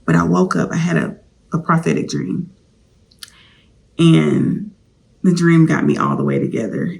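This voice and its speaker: A woman's voice: deep voice, sing-song, unhurried, gravelly, pauses often, darkish tone. A woman vlogger candidly telling a personal story, confiding straight to her viewers.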